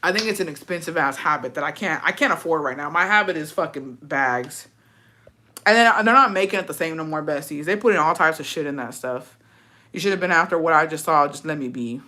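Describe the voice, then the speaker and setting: A woman's voice: deep voice, brisk, pushed and bright. A woman telling a personal story on a livestream in casual, profane chat, answering comments bluntly. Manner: profane, blunt, frequent "bitch" tags. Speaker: livestream host reading chat.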